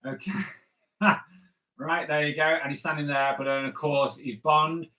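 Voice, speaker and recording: A man hosts a live drawing stream, talking through each sketch as he goes. His voice sits a little high and rings bright and forward. He keeps it playful and chatty, answering viewers on the spot. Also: flat delivery, unhurried, low-quality recording. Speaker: comic artist host.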